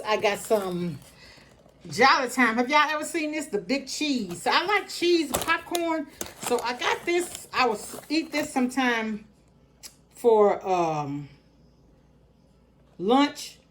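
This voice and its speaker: A woman's voice: high voice, animated, slow, background noise. A middle-aged woman walks through her grocery haul. She keeps it casual and chatty and talks straight to her viewers as "y'all", in an easygoing, folksy way. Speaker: vlogger.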